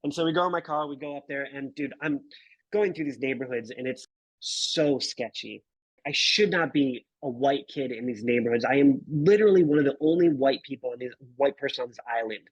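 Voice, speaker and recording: A man's voice: mid-range voice, a little fast, slightly rough, no echo, poor audio. A man in his thirties telling a travel story in a casual interview, laid-back, swearing and calling people dude and bro. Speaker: guest photographer.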